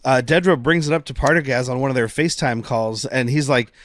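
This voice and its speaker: A man's voice: mid-range voice, brisk, fairly bright tone, no room sound, clean studio sound. A man co-hosting a casual podcast, recapping scenes in a laid-back way and quoting lines. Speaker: podcast co-host. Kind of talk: casual chat.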